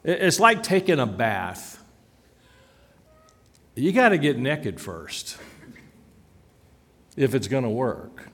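A man's voice: mid-range voice, sing-song, slow pace, pauses often, fairly bright tone, long reverb tail. A man preaching a sermon as pastor, earnest and rising to emphatic declarations.

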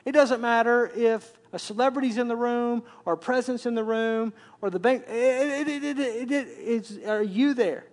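A man's voice: extremely high pitch, moderate pace, few pauses. A man, preaching a conversational sermon and repeating words as he builds up. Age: 40s. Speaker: pastor.

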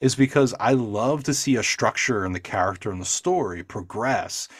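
A man's voice: on the low side, moderate pace, slightly rough, no room sound, studio quality. A man hosting a podcast in casual chat, jokey and sarcastic, swearing freely. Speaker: podcast host.

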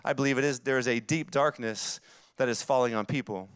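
A man's voice: medium pitch, brisk, clear, resonant tone, no echo, clean studio sound. A man in his forties with a Southern accent, preaching a sermon with emphatic, repeated phrases that build up. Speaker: pastor.

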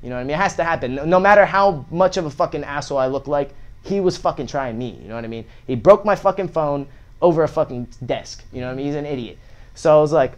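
A man's voice: fairly high pitch, quick pace. A young man telling a story in casual chat, swearing a lot and acting out the lines of the people in it. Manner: profane, animated, acts out quotes.

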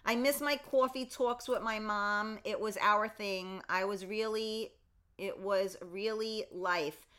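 A woman's voice: mid-range voice, steady tone, slow, clean tone. A middle-aged woman hosting a morning livestream, chatting casually and reading out viewer comments. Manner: chatty, warm greetings to viewers, reads comments aloud. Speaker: livestream host.

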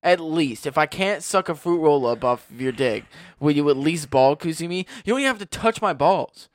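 A man's voice: a little high, animated, normal speed, dry recording, studio quality. A man co-hosting a podcast, chatting casually and crudely, profane and teasing. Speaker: podcast co-host. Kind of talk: crude casual chat reacting to videos.

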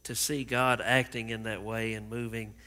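A man hosting a church interview as pastor, earnest and gently affirming. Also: on the low side, flat delivery, normal speed, big-room sound, slight background noise.

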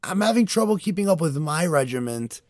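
A man's voice: a little high, expressive, fairly quick, dry recording, studio quality. A young man in casual chat, telling a story animatedly with lots of fillers and laughter. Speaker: podcast co-host.

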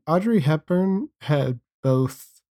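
A man's voice: on the high side, animated, extremely slow, a little mellow. A man co-hosting a film podcast, chatting casually with dry, rambling asides. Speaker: podcast co-host.

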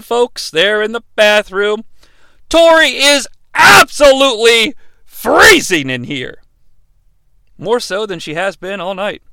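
A man's voice: high voice, vocal fry, bright, forceful tone, clear, resonant tone, dry recording. A man hosting a podcast, recapping in a casual, sarcastic, joking way with swearing asides. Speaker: podcast host. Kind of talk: casual wrestling recap narration.

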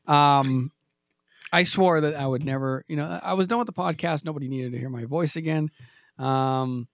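A man's voice: on the high side, normal speed, no echo. A man in his forties hosting a comedy podcast, rambling and self-mocking, trailing off into stammered restarts. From New England. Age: 40s. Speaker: podcast host.

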